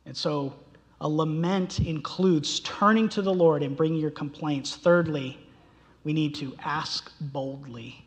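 A man's voice: a little high, a little slow. A man preaching a sermon, impassioned, his voice rising sharply when he voices quoted cries. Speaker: pastor. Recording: long reverb of a large hall.

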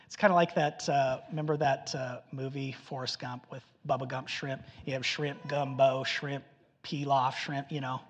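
A man preaching a sermon in an animated storytelling manner, acting out the voices of the people he quotes. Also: medium pitch, moderate pace, big-room sound, dull audio, slight background noise. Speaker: pastor.

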